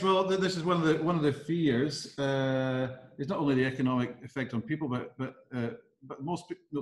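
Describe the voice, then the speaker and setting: A Scottish man co-hosts a relaxed remote chat, his voice at an ordinary middle pitch. He talks earnestly and keeps circling back to worried questions. His call audio carries a clear echo off the walls of his room. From Scotland. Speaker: co-host. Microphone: video call.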